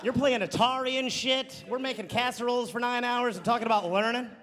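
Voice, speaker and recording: A man's voice: very high voice, fairly even intonation, brisk, noisy background. A man from Wisconsin doing sardonic stand-up comedy on stage. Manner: sardonic storytelling. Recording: live club with audience laughter.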